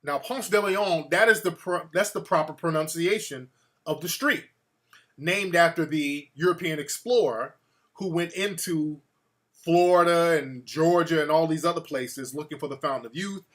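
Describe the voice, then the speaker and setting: A man's voice: a little high, normal speed. A man hosting a call-in talk show, chatting loosely and cursing freely. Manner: profane, loose and conversational. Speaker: radio talk show host.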